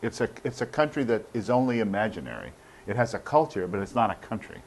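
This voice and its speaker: A man's voice: fairly low pitch, very animated, quick pace, slight background noise. A man speaking as a guest on a political panel show, blunt and emphatic in his opinions.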